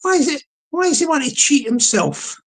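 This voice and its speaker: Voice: sits high, big pitch swings, normal speed, a bit bright. A live-stream host, chatting casually to a small online audience in a rambling way, often restarting sentences.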